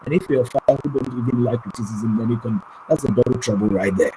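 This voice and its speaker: A man's voice: mid-range voice, fast, slight background noise, rough recording. A middle-aged man from Ghana, a pastor, talking earnestly on a family talk show and jumping into livelier voices when he quotes others. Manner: earnest, preacherly, animated when quoting others.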